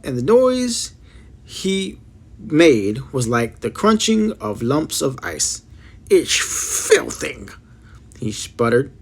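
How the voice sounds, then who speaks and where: A man reading a children's book aloud in a lively storytelling way. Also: a little high. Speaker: audiobook reader.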